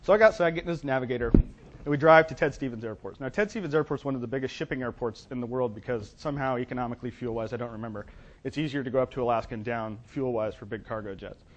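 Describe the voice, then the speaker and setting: A man who works as a business plan consultant, telling an animated, wry story to an audience of entrepreneurs. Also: medium pitch, quick pace, a little hiss or hum. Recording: dull lo-fi recording.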